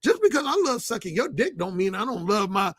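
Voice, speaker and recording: A man's voice: high-pitched, very animated, a little fast, husky, no room sound, clean studio sound, heavily acted. A man voicing a young woman who insists she loves her boyfriend while cheating on him, in an insistent, indignant tone.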